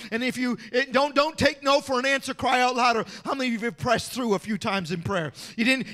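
A man's voice: very high voice, sharp tone. A male pastor preaching a sermon in church with an impassioned, repetitive cadence.

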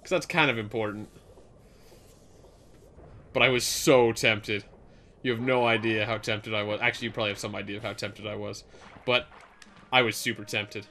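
A man's voice: on the low side, steady tone, moderate pace, long pauses, bright, forceful tone, slight background noise. Rambling man narrating his gameplay. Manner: rambling, filler-heavy storytelling. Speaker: let's play host. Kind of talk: casual gameplay chat.

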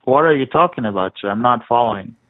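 A man's voice: mid-range voice, animated, quick pace, no echo. A man on a phone call, speaking politely and reassuringly with hesitant fillers, addressing the other as sir. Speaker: phone scammer. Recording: tinny dry phone line.

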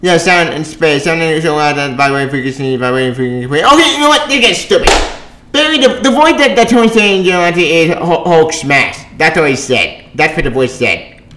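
A man's voice: fairly high pitch, lively intonation, a little fast, sharp tone, slight background noise. A man reviewing a comic book in a casual, rambling, sarcastic way, with many restarts and asides. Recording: roomy echo.

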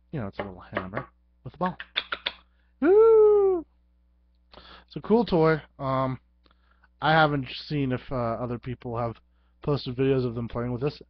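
A man casually showing off a toy to the camera at home, joking and making sound effects. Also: medium pitch. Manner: goofy, playful, sound effects. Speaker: vlogger. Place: home, at his computer. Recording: dull lo-fi, dry sound.

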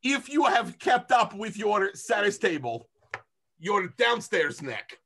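A jokey, excitable player talking through a tabletop game. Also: medium pitch, takes it slowly, husky. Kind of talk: casual tabletop game play.

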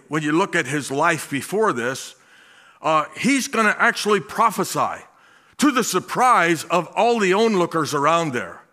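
Male pastor, sermon; bright, somewhat high voice; slow emphatic delivery, folksy chuckling asides.

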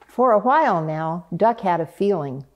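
A woman reading a picture book aloud in a gentle, unhurried way. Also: on the low side, expressive. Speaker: storyteller.

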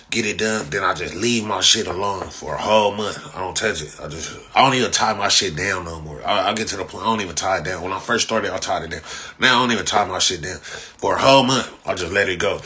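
A young man rants on a livestream in a low, forceful voice. He is profane and boastful, repeats himself, and laughs often. A faint hiss sits under the recording. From Los Angeles, Inglewood. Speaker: livestream host. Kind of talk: casual livestream rant.

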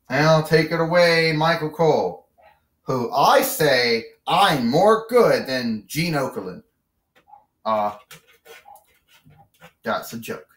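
A man giving rambling, excitable play-by-play commentary on a toy wrestling match, stumbling over his words. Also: on the high side, takes it slowly, long pauses, reverberant, distant mic.

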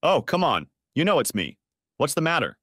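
A man voicing a furious, shrill woman who yells and curses, in a storybook reading. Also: sing-song, moderate pace, no echo, studio quality. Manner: yelling, cursing, shrill.

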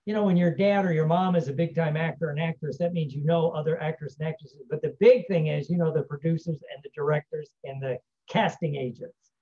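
A man's voice: on the high side, fairly even intonation, brisk, warm tone, highs cut off. A man giving a casual self-help talk, rambling and often tagging his points with "right?". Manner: rambling, frequent "right?" tag questions. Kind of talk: casual teaching monologue.

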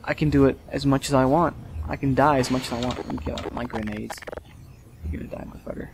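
A man hosting a let's play, commenting live on gameplay with excitable, frustrated outbursts and swearing. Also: medium pitch, quick pace, music in the background.

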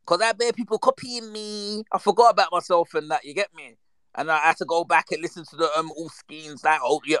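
A man, chatting casually and reminiscing with lively slang, acting out the voices in his stories. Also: on the high side, a little fast, clean tone, dry recording. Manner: animated, slangy, acts out quoted voices. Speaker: storyteller.

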